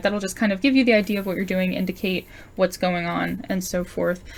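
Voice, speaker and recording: A woman walks through comic page layouts in an easygoing tutorial voice. Her pitch sits in a plain middle range, and she chats loosely with fillers as she draws. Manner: chatty, explains while sketching, many fillers. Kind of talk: casual drawing tutorial.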